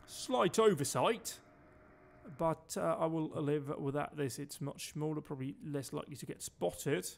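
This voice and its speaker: A man's voice: on the high side, a little slow, creaky, a little hiss or hum. A man from Denmark giving chatty, sweary commentary while streaming a game and barking orders at his crew. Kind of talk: casual gameplay commentary.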